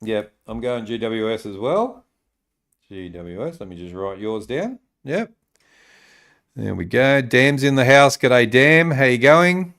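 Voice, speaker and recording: A man's voice: mid-range voice, expressive, a little slow, fairly bright tone. An Australian man hosting a casual live-streamed talk show, reading out viewer comments with lots of ums and uhs. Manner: reads viewer tips aloud, many ums and uhs. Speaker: podcast host.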